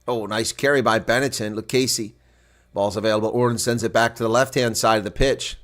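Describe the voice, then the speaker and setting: A man calls a rugby match live from his home setup, narrating each phase in play-by-play commentary. His voice sits in a middle pitch. He turns excitable, loud and high when a big play breaks. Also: a little fast.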